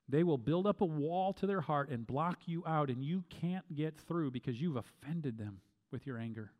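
A middle-aged man giving Bible-based teaching, speaking deliberately and repeating key phrases for emphasis. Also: fairly high pitch, animated, dull audio. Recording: long hall reverb.

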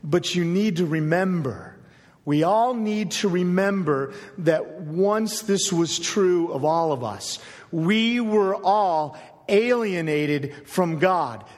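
A male pastor preaching a sermon, emphatic and deliberate, slowing down to stress key phrases. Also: high-pitched. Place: church sanctuary. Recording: long hall reverb.

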